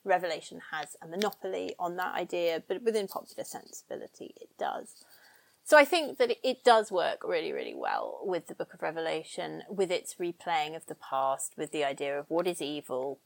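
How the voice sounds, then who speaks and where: A woman guest on a podcast interview, talking in a lively way and thinking aloud with restarts. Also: lowish voice, normal speed, gravelly. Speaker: guest scholar.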